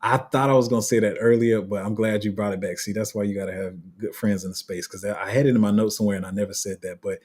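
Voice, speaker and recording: Livestream host, male, mellow husky tone, loose rambling delivery. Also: fairly low pitch, steady tone, fast talker, hardly any pauses. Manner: rambling, restarts often, laughs at himself; reads viewer comments aloud. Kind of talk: casual livestream chat reading comments.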